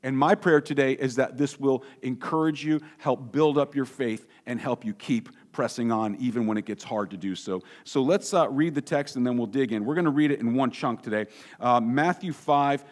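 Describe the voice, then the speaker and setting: A middle-aged man preaching a sermon in church, earnest with touches of humor and dramatic pauses while reading scripture. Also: medium pitch. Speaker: pastor. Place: church sanctuary.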